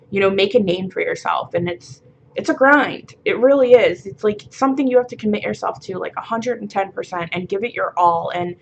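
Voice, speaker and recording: A woman's voice: mid-range voice, vocal fry, fairly bright tone, dull audio, a little hiss or hum. A tired woman vlogging, talking bluntly and frankly with lots of swearing and filler words in a rambling confessional monologue.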